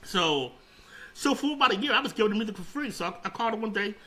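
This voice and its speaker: A middle-aged man with a high, very bright and forceful voice tells stories in a casual interview. He rambles, stumbles over restarts and repeats phrases, and gets animated as he goes. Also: fast talker, low-quality recording. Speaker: interview guest, radio founder.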